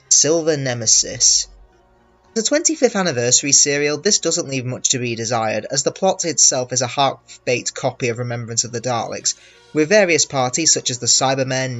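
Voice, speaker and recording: A man's voice: mid-range voice, fairly bright tone. A man narrating a scripted review, opinionated and wry, with emphatic stresses. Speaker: video reviewer.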